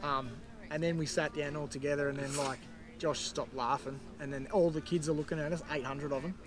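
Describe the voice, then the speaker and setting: A man telling a story as a podcast guest, animated and swearing freely. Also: on the high side, a little fast. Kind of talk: casual storytelling.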